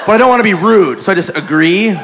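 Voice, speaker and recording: A man telling a crude, self-mocking story as a stand-up comedian, animated and loose, recorded live in a comedy club. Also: high voice, quick pace, noisy background.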